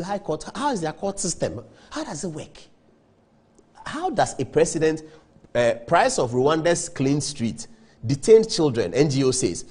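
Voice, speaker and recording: A man's voice: medium pitch, a little mellow, breathy edge. A man hosting a TV show, delivering an opinionated monologue full of rhetorical questions and repeated emphasis. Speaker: TV show host.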